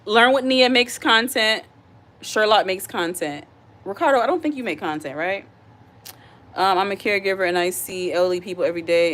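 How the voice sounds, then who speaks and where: A woman's voice: fairly low pitch, fairly bright tone. A woman hosting a casual live stream from her home kitchen. She chats straight to her viewers, reads their comments aloud, and repeats her points with earnest feeling. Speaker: livestream host. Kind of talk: casual live-stream chat while cooking.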